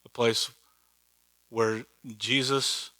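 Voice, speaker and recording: A man's voice: medium pitch, little pitch movement, drawn-out words, bright, forceful tone. A man teaching a Bible study in a church hall, conversational and joking, with many rhetorical questions.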